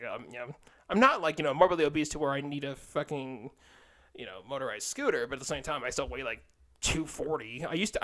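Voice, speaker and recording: A man's voice: a little high, fairly bright tone. A young man talking casually to his viewers in a rambling, self-deprecating monologue, full of restarts and fillers, with casual swearing. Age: young adult. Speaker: vlogger.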